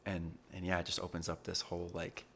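A man's voice: sits low, flat delivery, brisk, gravelly, a bit bright, a little hiss or hum. A young man talking earnestly and reflectively in a casual podcast conversation, with plenty of fillers. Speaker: podcast guest.

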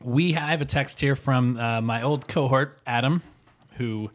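A man co-hosting a podcast, telling animated stories with lots of fillers and quick laughs. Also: mid-range voice. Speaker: podcast co-host. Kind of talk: casual chat.

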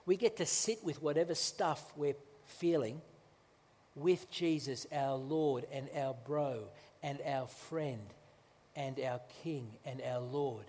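A male pastor preaching a sermon in a conversational way, with restarts and slow, emphatic phrases, in a church. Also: medium pitch, darkish tone, big-room sound.

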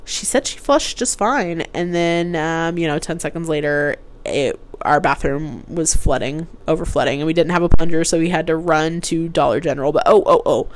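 A woman's voice: deep voice, moderate pace, hardly any pauses, a little hiss or hum. A young woman rambling through embarrassing personal stories in casual chat, with lots of "like" and restarts. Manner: rambling, chatty, heavy use of "like". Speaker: host telling personal stories. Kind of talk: casual storytelling.

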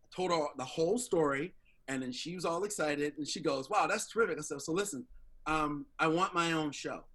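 A middle-aged man telling a story in an interview, lively and acting out the voices of the people he quotes. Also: on the high side, normal speed. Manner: animated, acts out quoted voices. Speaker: interview guest. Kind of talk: casual storytelling.

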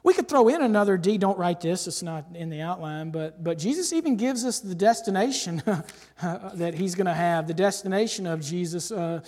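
A male pastor preaching a sermon and reading scripture aloud, emphatic, swinging from loud declarations to hushed asides. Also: high-pitched, lively intonation, moderate pace. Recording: long hall reverb.

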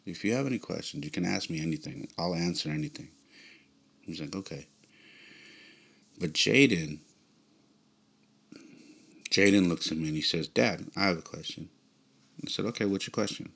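A middle-aged man talks through a personal memory on his podcast, pausing and restarting his sentences as he goes. His voice sits very low, with a gravelly, creaky edge, and the delivery feels thoughtful and unpolished. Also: fairly bright tone. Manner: halting, with fillers and restarts. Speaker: podcast host. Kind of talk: reflective personal storytelling.

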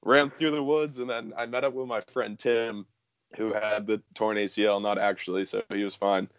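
A man's voice: lowish voice, steady tone, moderate pace, clean tone, no room sound, lo-fi sound. A young man telling a story casually, rambling with lots of fillers and swearing.

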